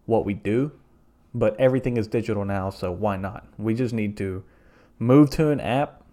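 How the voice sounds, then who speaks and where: A man's voice: medium pitch, a little mellow. A young man from the southern United States hosting a comedic solo podcast, rambling through profane, jokey bits. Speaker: podcast host.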